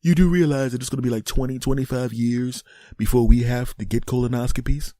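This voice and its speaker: A smug young bro who mocks and needles, as a man puts him on. He sounds higher and brighter than the host's own voice. The recording is dry and close. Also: fairly even intonation, fairly quick, dry recording, natural voice. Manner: taunting, laughing while mocking. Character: cocky young male fan, mocking.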